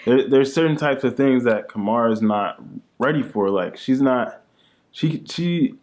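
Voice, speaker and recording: A man's voice: medium pitch, unhurried, darkish tone. A young man co-hosting a casual chat with his wife, laid-back and joking, often tagging his lines with "man". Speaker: co-host, husband.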